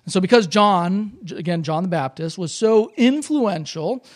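A man's voice: sits high, animated, a little slow. A pastor preaching a sermon at a church service, explaining in a conversational way and repeating his points for emphasis.

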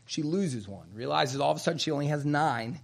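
A man preaching a sermon, reading scripture aloud and slowing down to stress key phrases. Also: on the high side, expressive, creaky.

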